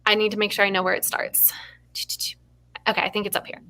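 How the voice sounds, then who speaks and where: A woman hosting a writing stream, reading her own short story aloud with animated asides and frequent laughter. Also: mid-range voice, fast talker. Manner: animated, laughs often between passages. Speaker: writer and stream host.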